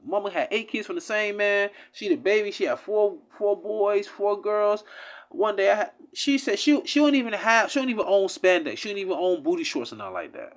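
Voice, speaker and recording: A man giving an impassioned, profane religious rant, swinging between loud outbursts and low mutters. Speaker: religious commentator.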